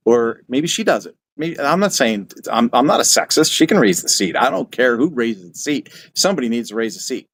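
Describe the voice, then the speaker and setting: A man's voice: medium pitch, big pitch swings, brisk, few pauses, fairly bright tone. An older man hosting his channel, giving casual advice in a folksy, repetitive way. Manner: folksy, repetitive, quotes himself in asides. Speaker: channel host.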